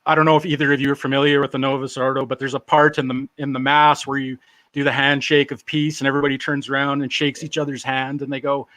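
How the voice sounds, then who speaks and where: A man in his forties, a guest in an interview, telling his story in a relaxed, joking, self-deprecating way. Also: medium pitch, fast talker, no echo. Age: 40s. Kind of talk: casual storytelling.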